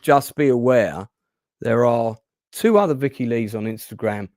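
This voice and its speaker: A man's voice: medium pitch, moderate pace, a little mellow, dry recording, clean studio sound. A man hosting an interview podcast, chatting in a rambling way with many restarts. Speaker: podcast host. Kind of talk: casual interview chat.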